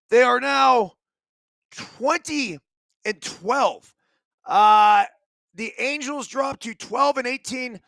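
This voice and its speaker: A middle-aged man hosting a solo baseball talk show, energetic and blunt, swearing casually and punching out emphatic bursts. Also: extremely high pitch, slow pace, gravelly, pauses often, dry recording. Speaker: host.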